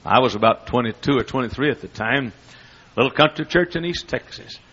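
Husky folksy male preacher. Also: medium pitch, expressive, a little fast. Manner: folksy, humorous storytelling with loud bursts. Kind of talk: storytelling sermon. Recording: dull lo-fi recording.

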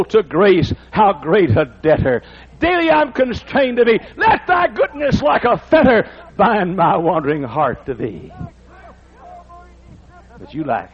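A man preaching a sermon, dropping to low talk and rising to shouted, half-sung hymn lines. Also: slightly rough, muffled recording. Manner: swings from low mutter to shouted singing of hymns. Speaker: pastor.

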